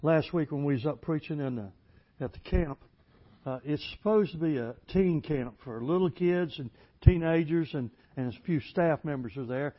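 A man preaching a folksy storytelling sermon, plainspoken and building to loud, emphatic passages. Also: on the high side, normal speed. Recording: dull lo-fi recording.

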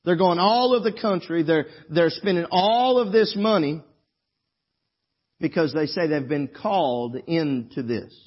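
Husky preacher, folksy and emphatic. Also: male voice, fairly high pitch, lively intonation, measured pace, highs cut off. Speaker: pastor. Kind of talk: sermon. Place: church service.

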